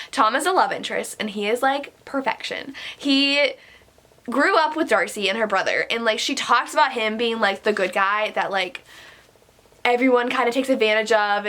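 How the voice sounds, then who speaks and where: A woman's voice: fairly high pitch, bright, forceful tone. A young woman with a stuffy nose, chatting casually in a vlog, rambling and full of "like". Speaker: book vlogger.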